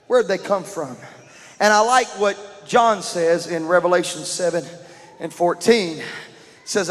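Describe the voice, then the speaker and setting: A man preaching a sermon in a church, moving from shouted calls to praise into relaxed, conversational explanation of scripture. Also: high-pitched, unhurried, in a large hall. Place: church sanctuary.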